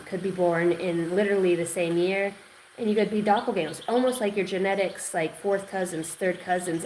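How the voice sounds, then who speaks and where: A woman giving an intuitive tarot reading, rambling and excitable, repeating words and swearing now and then. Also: medium pitch, a little hiss or hum, rough recording. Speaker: tarot reader.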